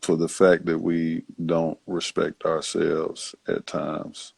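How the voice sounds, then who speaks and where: A man hosting, answering in a halting, reflective way with many fillers and restarts. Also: rumbling low, completely flat delivery, creaky, darkish tone, slightly rough, no echo. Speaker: host. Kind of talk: casual reflective talk.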